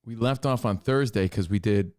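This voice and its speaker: A man's voice: on the low side, normal speed, a little mellow. A man co-hosting a radio talk show, telling stories in casual banter and poking fun at himself. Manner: storytelling, self-deprecating.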